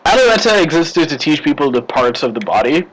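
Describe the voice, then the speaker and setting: A man's voice: on the high side, sing-song, moderate pace, a bit bright, slightly rough, rough recording. A man streaming a game live, chatting and rambling through a story between moves. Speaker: gaming streamer. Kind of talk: live gameplay commentary.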